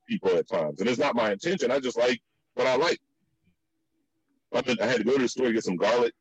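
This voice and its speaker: Casual storytelling guy from the dc area, lots of restarts, deepish voice, muffled dry audio. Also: no echo. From Virginia / DC area. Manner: animated storyteller, many restarts, jumps high for acted quotes. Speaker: guest.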